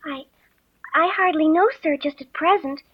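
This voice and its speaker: Shy, polite little girl, played by a man, high falsetto, tinny lo-fi audiobook. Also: normal speed. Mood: polite puzzlement. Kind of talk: audiobook character voice. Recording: tinny lo-fi recording.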